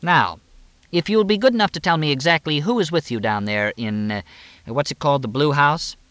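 A man's voice: a little high, animated, brisk, fairly bright tone, no room sound, voice pushed up. A man voicing a chatty, needling woman police chief on the phone, sly and teasing.

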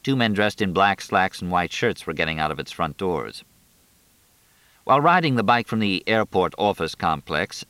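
A man reading a novel aloud in a steady, measured narration. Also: low voice, no room sound. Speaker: audiobook narrator. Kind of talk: scripted narration.

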